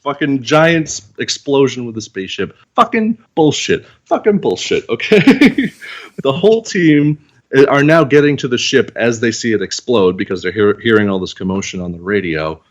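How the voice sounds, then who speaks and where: A mid-pitched man recaps a movie on a podcast, swearing freely as he goes. He tells it scene by scene and acts out the characters' lines. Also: animated, normal speed, dull audio. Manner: profane, vivid blow-by-blow retelling with acted-out quotes. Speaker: podcast reviewer. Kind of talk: casual chat.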